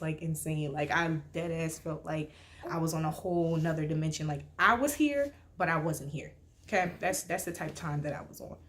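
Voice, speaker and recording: A young woman telling a casual, animated story with lots of slang and filler "like"s. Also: on the low side, slight background noise. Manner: slangy, animated, heavy use of "like". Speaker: storytime vlogger.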